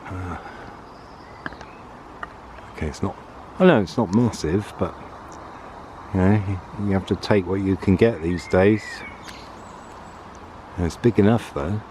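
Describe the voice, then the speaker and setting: Brief: very low-voiced man, rambling outdoor vlog, faint birdsong and breeze behind. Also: unhurried, pauses often, warm tone, a little hiss or hum. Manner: rambling, chatty, thinking aloud. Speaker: vlogger on a woods walk. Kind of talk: casual walking vlog. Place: outdoors in summer woodland. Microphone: handheld camera while walking. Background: birdsong and faint outdoor ambience.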